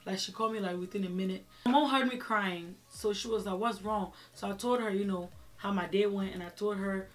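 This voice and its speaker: A woman vlogger telling a personal story in a chatty, animated way, with many fillers. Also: medium pitch, a little fast. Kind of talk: casual storytelling.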